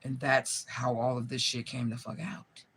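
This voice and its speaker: A woman's voice: a bass voice, fairly even intonation, normal speed, a bit bright, a little hiss or hum, poor audio. A woman around forty, a spiritual medium, talking straight to camera in a raw, profane, rambling way, often asking listeners if they follow her. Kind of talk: emotional direct-to-camera vlog.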